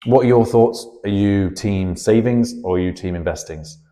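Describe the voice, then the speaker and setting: A man's voice: lowish voice, moderate pace, mellow. A British man, a personal finance educator, explaining money over on-screen charts and walking through the figures step by step.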